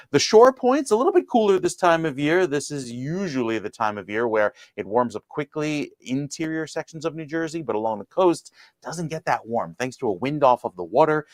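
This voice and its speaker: A man's voice: medium pitch, dry recording. Man giving the TV weather, dry close sound. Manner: smooth forecaster delivery with lively emphasis. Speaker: meteorologist. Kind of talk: TV weather forecast.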